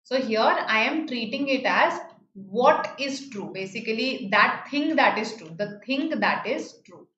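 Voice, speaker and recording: Teaching grammar online, a woman with an Indian English accent and a fairly high, slightly bright voice is animated yet keeps a measured pace. She patiently repeats key phrases and asks "right?" to check understanding, in slightly muffled, roomy audio with a faint hiss.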